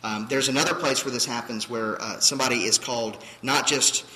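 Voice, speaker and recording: A man's voice: medium pitch, fairly even intonation, a little fast, bright, forceful tone, a little hiss or hum. A man preaching a sermon as pastor, emphatic, with fillers and acted-out quotes. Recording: distant hall reverb, faint ambience.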